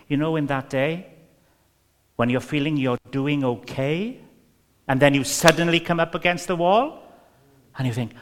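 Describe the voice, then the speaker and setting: A man's voice: fairly high pitch, moderate pace, pauses often, in a large hall. A man with a Welsh accent preaching a sermon, emphatic and repetitive with many fillers.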